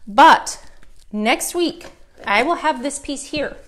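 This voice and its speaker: A middle-aged Canadian woman leads a live furniture painting lesson, chatty and upbeat, talking straight to her viewers. Her voice sits a little high for a woman. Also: lively intonation, takes it slowly, a bit bright.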